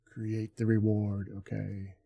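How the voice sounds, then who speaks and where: Gravelly, slow-talking male streamer. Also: fairly low pitch, monotone, highs cut off. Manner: mutters to himself while fumbling with settings, trailing off. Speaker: livestreamer. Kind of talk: casual live-stream chat. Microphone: desk mic on an arm.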